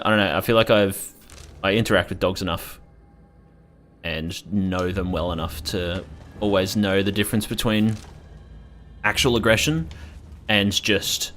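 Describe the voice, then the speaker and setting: Lowish and fairly bright, a young man's voice offers casual gameplay commentary while he streams. He rambles as he plays and swears without holding back.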